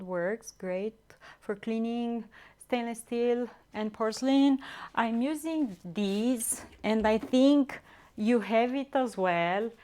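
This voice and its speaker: A woman chatting casually with viewers as she cooks live in her home kitchen, often pausing to search for words. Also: medium pitch, a little mellow. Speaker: streamer cooking live. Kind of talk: casual live-stream cooking chat.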